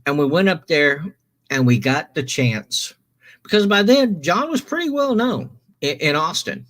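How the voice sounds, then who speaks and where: A man's voice: a little high, sing-song, a little slow, a bit bright. A man hosting a stream, telling a long story casually, rambling with many restarts and self-corrections.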